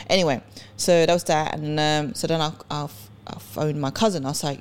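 A woman telling an emotional personal story on a podcast, halting and restarting often as she reports what others said. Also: deep voice, little pitch movement. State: close to tears. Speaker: podcast guest.

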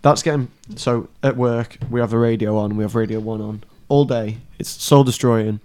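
A man's voice: medium pitch, steady tone, normal speed, darkish tone, smooth. Chatty man, casual chat. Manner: chatty, laughing, swearing. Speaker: podcast co-host.

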